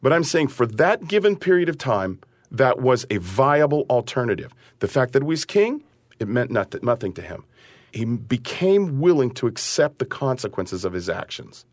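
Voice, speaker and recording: A man who is an opera singer talking in an interview about a role he sings, animated and acting out his character's lines. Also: mid-range voice, moderate pace, dry recording. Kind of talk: interview conversation.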